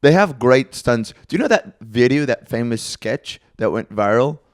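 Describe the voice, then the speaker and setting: A man's voice: mid-range voice, lively intonation, normal speed, dry recording, clean studio sound. A young man co-hosting a podcast, telling stories in a rambling casual way with lots of fillers. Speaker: podcast co-host. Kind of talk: casual chat. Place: festival venue, on a couch.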